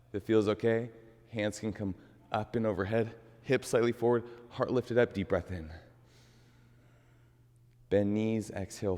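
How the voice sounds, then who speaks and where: Slow, low-voiced male yoga teacher. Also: in a large hall. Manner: calm, unhurried cueing of breath and movement. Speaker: yoga instructor. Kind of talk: guided yoga class.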